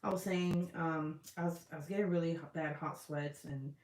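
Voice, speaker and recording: A woman's voice: low-pitched, steady tone, moderate pace, a little mellow, slight background noise. A young woman on a casual live stream, chatting loosely with heavy swearing, lots of fillers and frequent laughter while she reads comments. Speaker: vlogger reading live chat. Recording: roomy echo.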